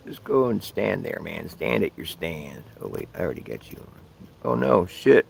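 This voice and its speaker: A man's voice: very deep voice, sing-song, a little fast, creaky, slight background noise. A man hosting a casual livestream outdoors in the rain, rambling and swearing, apologizing to his viewers. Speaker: livestream host. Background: guitar music.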